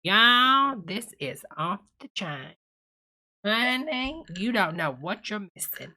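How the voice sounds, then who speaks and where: Brief: woman host, sassy reaction comedian, bright edge, endearments everywhere. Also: medium pitch, sing-song, takes it slowly. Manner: sassy, calls everyone honey. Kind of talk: comic reaction commentary.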